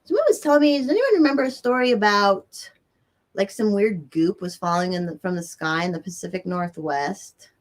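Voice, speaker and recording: A woman talks straight to her stream audience, swearing freely and breaking into quick rants. Her voice sits at an ordinary middle pitch for a woman. She keeps it loose and chatty as she answers viewers' comments. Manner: excitable and profane, ranting with nervous laughs. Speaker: livestream host. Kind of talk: casual livestream chat reading viewers' comments. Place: indoors near a bright window.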